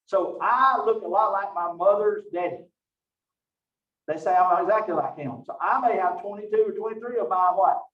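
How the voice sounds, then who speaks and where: A man teaching a biology lecture, lively and joking at his own expense, with frequent rhetorical questions. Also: sits high, normal speed. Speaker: biology instructor. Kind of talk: recorded online lecture. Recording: roomy, distant, dull lo-fi mic.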